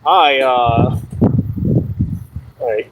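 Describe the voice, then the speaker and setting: A man mimicking another man who awkwardly introduces himself, halting and stumbling. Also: mid-range voice, dull audio, very noisy, pitched below the performer's own voice. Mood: sheepish.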